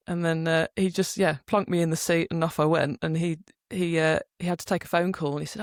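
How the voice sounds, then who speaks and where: A young woman from the UK co-hosting a casual podcast, telling stories with lively acted-out quotes. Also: deep voice, fast, creaky, hardly any pauses, dry recording, clean studio sound. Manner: lively storytelling, acts out quotes. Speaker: podcast co-host. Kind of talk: casual chat.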